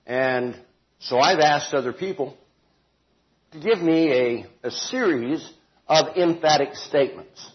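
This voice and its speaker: A man teaching a Bible study group in an informal, deliberate way, stressing words and adding homely asides and self-corrections. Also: on the high side, muffled recording.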